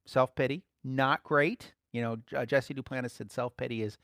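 A man giving conversational Bible teaching as a preacher, relaxed, laughing lightly and repeating key phrases. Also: medium pitch, moderate pace, dry recording, studio quality.

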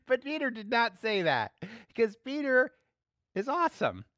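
A man's voice: extremely high pitch, huge pitch swings, measured pace, a bit bright, dry recording, clean studio sound. A man giving a casual, playful sermon, laughing often as he speaks. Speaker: preacher.

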